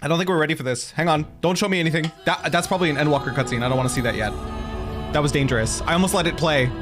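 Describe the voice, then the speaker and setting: A man streaming a game, chatting casually with his viewers in an excitable, gushing way. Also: a little high, racing, music in the background. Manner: excitable, gushing, talks to chat.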